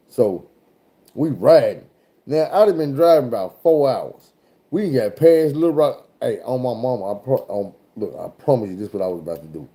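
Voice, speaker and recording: A man tells a road story from his trucking life, swearing freely and talking in an animated, loose way. His voice is very dark and mellow, with a relaxed, heavy warmth. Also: mid-range voice, normal speed, soft background music. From Arkansas, USA. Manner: animated, profane, swears often. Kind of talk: casual profane storytelling.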